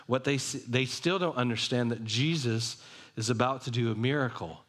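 A man's voice: medium pitch, moderate pace, fairly bright tone. A man preaching a sermon, reading a passage aloud and explaining it in a conversational way. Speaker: pastor.

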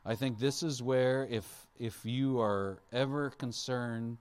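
A man's voice: medium pitch, fairly even intonation, slow pace, few pauses, darkish tone, clean tone. A man preaching a sermon as a pastor in a conversational way, asking the listeners questions. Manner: conversational, asks the audience questions; acts out Bible figures in playful voices.

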